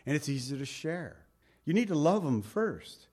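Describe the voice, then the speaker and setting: A man's voice: on the high side, very animated, moderate pace, a little mellow, husky. Man preaching in a folksy, conversational way. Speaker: pastor. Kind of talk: sermon.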